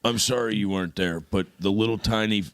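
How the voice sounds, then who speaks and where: A man co-hosting a casual podcast, an animated storyteller who acts out the lines he quotes. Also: on the low side, fairly quick, no echo. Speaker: podcast co-host. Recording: dry studio mic.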